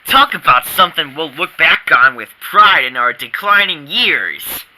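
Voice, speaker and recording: A sardonic tiger, voiced by a lone performer drawls teasing remarks in a fan comic dub. He speaks slowly and deliberately in a clear, bright tone, lower than the boy he teases. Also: animated, low-quality recording. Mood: wry. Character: dry, sly stuffed tiger friend.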